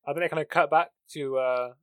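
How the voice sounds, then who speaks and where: Laid-back, quick-talking podcast co-host. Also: male voice, on the high side, a bit bright, dry recording, clean studio sound. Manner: laid-back, agreeable, short replies, laughs along. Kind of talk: casual spoiler review chat.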